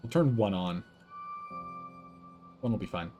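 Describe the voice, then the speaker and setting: A man's voice: fairly low pitch, animated, measured pace, music in the background. Chatty male streamer, laid-back. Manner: chatty, thinks aloud, answers chat, laughs often. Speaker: streamer playing a building game. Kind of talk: casual live-stream commentary.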